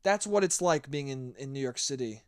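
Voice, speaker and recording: A man's voice: medium pitch, expressive, normal speed, a little mellow, clean tone, no echo. A hungover young man hosting a solo podcast, rambling and swearing freely, scatterbrained. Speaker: podcast host. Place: New York.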